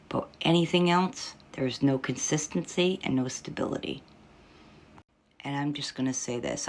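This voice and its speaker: Very low, gravelly woman commentator. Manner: scornful, lecturing, sarcastic. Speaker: social media commentator. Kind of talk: critical reaction commentary.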